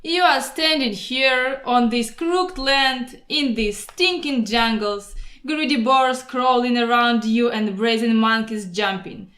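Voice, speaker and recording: A woman voicing a boastful, proud male mosquito who pitches himself like a salesman, grandiose and persuasive. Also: slow, fairly bright tone. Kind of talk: storybook voice acting. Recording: roomy echo.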